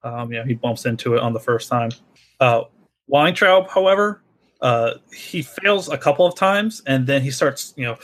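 A man running a tabletop game as game master. His voice sits in a middle pitch, and he talks loosely, pausing often with fillers and restarts. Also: expressive, fairly bright tone. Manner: loose and halting, many fillers.

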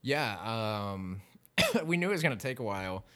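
A young man guest on a podcast, chatting in a laid-back way, often laughing and trailing off quietly. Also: fairly low pitch, sing-song, normal speed. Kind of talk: casual chat.

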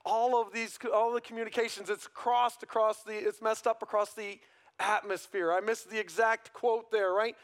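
High-voiced man preaching conversationally. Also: fairly even intonation, moderate pace. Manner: conversational preaching, frequent "right?" tag questions. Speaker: pastor. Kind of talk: sermon.

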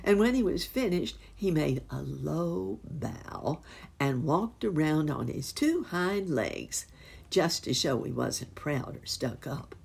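A woman reading a children's storybook aloud, with expressive, unhurried storytelling. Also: sits low, gravelly, slightly rough. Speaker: narrator.

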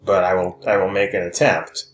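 A man with a fairly low voice plays his character in a tabletop game, formal and hesitant, stumbling over his words. His voice rings in an echoey room. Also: level tone, moderate pace. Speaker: player.

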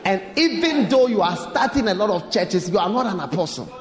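A man voicing a male devil figure who taunts and accuses in a quiet, lowered voice, repeating "you" again and again. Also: very animated, fairly quick, echoey room, in a large hall, crowd noise. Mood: accusing.

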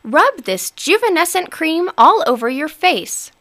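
A woman's voice: very high-pitched, sing-song, a little slow, bright, forceful tone, pitched above the performer's own voice, exaggerated voice. A woman voicing a bold, sly young female troll who chants her lines in a sing-song way. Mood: scheming.

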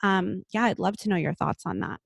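A woman hosting a podcast asks long, wandering questions padded with fillers. Her mid-pitched voice carries a strong gravelly fry, recorded close and dry. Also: brisk, dry recording. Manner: rambling, filler-heavy questions. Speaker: podcast host. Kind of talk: interview questions.

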